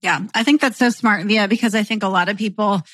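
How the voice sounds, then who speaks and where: A woman co-hosting a casual podcast, explaining her points in a thoughtful, measured way. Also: mid-range voice, a bit bright, no room sound. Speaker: podcast co-host.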